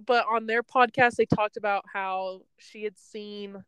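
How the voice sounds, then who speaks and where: A young woman tells a story in a loose, chatty way, wandering off the point and laughing often. Her voice is smooth and clear, and it sits close and dry, with almost no room sound. She sounds like she is talking from a parked car. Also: mid-range voice, steady tone, unhurried, fairly bright tone, no room sound, rough recording. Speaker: podcast host telling a story. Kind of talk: casual storytelling chat.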